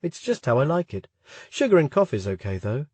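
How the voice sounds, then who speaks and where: A man's voice: medium pitch, very animated, fairly quick, dark tone, breathy edge, no room sound. A man voicing a mild, tidy young male student who speaks in a matter-of-fact way. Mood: light.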